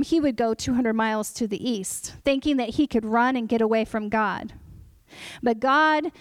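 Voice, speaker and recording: A woman preaching a sermon, telling a personal testimony in an animated storytelling way and acting out her own past words. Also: on the high side, no room sound.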